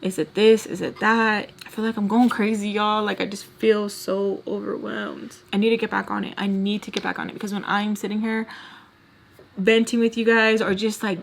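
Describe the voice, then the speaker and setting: A woman's voice: mid-range voice, flat delivery, fairly quick, vocal fry, slight background noise. A young adult woman with a mid-range voice rambles through a storytime vlog. She vents emotionally and talks straight to her viewers while she puts on makeup. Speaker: storytime vlogger. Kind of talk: casual storytime venting while doing makeup.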